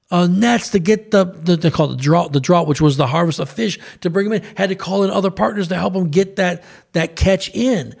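A man co-hosting a Christian talk show, retelling a Bible story in a lively, conversational preaching manner with asides. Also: high-pitched, vocal fry. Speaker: pastor co-host.

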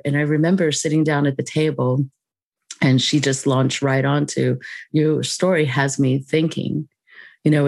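A woman guest on a podcast, telling a personal story in a reflective, unhurried way with soft laughs. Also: rumbling low, creaky, no room sound.

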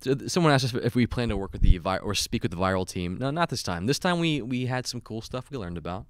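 A man co-hosting a casual live tech chat, relaxed and joking, often saying "I mean". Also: mid-range voice, quick pace, clear, resonant tone, dry recording. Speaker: co-host.

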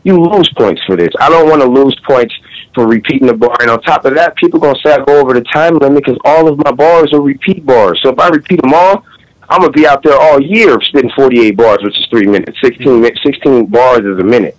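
Fast-talking man in casual chat. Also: mid-range voice, rough recording. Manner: fast, animated, slangy, recites his own bars. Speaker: battle rapper guest.

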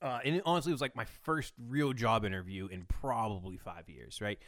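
A man's voice: lowish voice, fairly quick, a bit bright, no echo, clean studio sound. A young man co-hosting a podcast in casual chat, speaking earnestly and often stumbling over and repeating words. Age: young adult. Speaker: podcast co-host.

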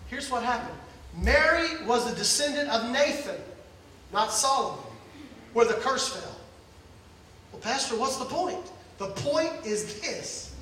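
A male pastor preaching a sermon with passion, building to near-shouts and dropping to hushed asides. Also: extremely high pitch, slight background noise. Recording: echoey hall, heard from a distance.

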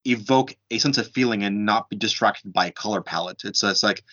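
A man with a fairly low voice talking through his thoughts in a casual book chat. He explains in an animated way and leans on filler words like "like". The sound is muffled and lo-fi. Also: a little fast. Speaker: discussion participant. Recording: dull lo-fi sound.

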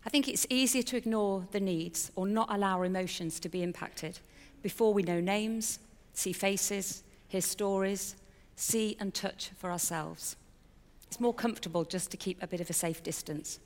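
Woman telling her story in a hall. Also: medium pitch. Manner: candid, chatty storytelling with fillers and self-mockery. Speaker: speaker sharing a personal testimony. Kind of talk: personal testimony talk.

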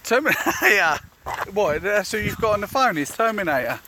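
A man's voice: high voice, animated, fairly quick. A man interviewing people in the street, asking cheeky, teasing questions. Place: outdoors. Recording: noisy outdoor recording.

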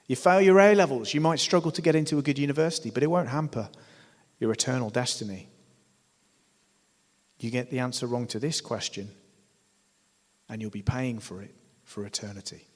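Emphatic preacher in a reverberant hall. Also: male voice, fairly high pitch. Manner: emphatic, rising to loud declarations, asks the congregation rhetorical questions. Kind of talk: sermon.

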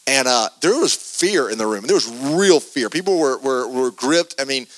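A man, preaching a sermon and telling a story from his youth, with animated delivery and many repeated starts. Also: mid-range voice, normal speed, no echo.

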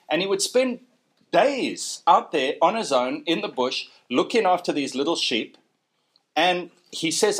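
Conversational male preacher, fairly high voice. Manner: conversational, animated storytelling with tag questions. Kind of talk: sermon. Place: church.

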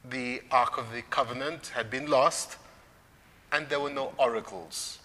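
Man preaching with a bright, ringing tone. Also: mid-range voice, steady tone, big-room sound. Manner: measured preaching with rising emphasis. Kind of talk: sermon on scripture.

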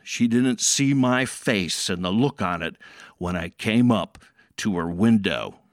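An earnest, plain-spoken male garage mechanic, voiced by a storyteller tells his tale in a folksy way. The delivery is slow and the sound is close and dry. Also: lowish voice, lively intonation, no echo, pitched below the performer's own voice.

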